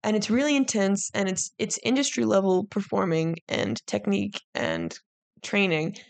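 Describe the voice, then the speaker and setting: Chatty woman host with a gravelly voice. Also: medium pitch, very animated, moderate pace, no echo. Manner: chatty, heavy use of "like", frank with swearing; emotional, heartfelt reflection. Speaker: podcast host. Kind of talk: casual solo podcast monologue.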